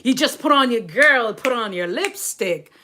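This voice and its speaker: A woman's voice: fairly high pitch, expressive, unhurried, background noise. A middle-aged woman with a Caribbean accent, a nurse and coach chatting to her viewers on a livestream, talking while she rides an exercise bike and laughing often. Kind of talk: casual livestream chat.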